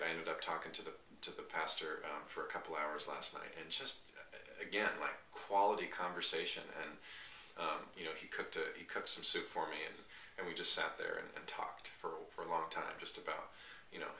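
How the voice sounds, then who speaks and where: A young man talking casually in a trip diary vlog, rambling and halting with many restarts. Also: rumbling low, level tone, pushed and bright. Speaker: long-distance walker vlogging his trip. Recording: echoey, distant, faint hiss.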